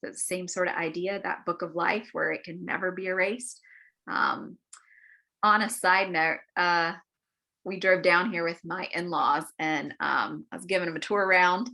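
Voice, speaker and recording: Woman Bible study leader, lowish bright voice, chatty storyteller, lots of ums. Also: steady tone, normal speed, creaky. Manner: chatty storytelling with frequent ums and acted quotes. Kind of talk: adult-forum Bible lesson. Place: church meeting room.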